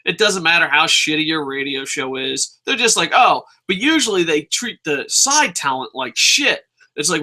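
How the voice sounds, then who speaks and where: A man hosting a wrestling review show, ranting casually with lots of swearing and occasional shouting. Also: a little high, moderate pace, poor audio. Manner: excitable, profane, shouts at times.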